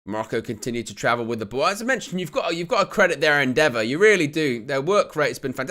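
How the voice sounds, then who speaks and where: A young man calls a football match live for his channel's viewers. His voice is bright and a little high for a man. He talks through the play in a steady flow and bursts into excited shouts when a chance goes close. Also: fast, few pauses. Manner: excitable, rises to shouts at near misses. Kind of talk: live football watch-along commentary.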